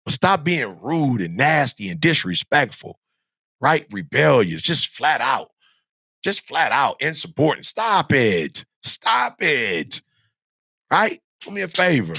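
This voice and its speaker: A man's voice: medium pitch, sing-song, slow, vocal fry, bright, forceful tone, slightly rough, no room sound, clean studio sound. A middle-aged man giving an emphatic, repetitive motivational talk to young students, like a preacher. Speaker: motivational speaker.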